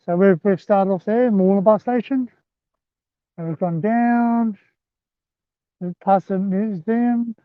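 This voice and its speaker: His voice sits high, clear and resonant, and he takes it slowly with frequent pauses. Walking a rural rail trail outdoors, he livestreams from a handheld phone, rambling casually to his "guys." The sound has no echo and comes across thin and phone-like.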